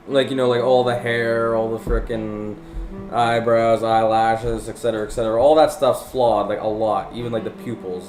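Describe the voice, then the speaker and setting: A man's voice: medium pitch, a little mellow. A young man at his desk, rambling casually about his drawing in a voice-over, with lots of fillers and casual swearing. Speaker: artist narrating his speed drawing. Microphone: desk microphone, recorded separately over the video. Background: background music.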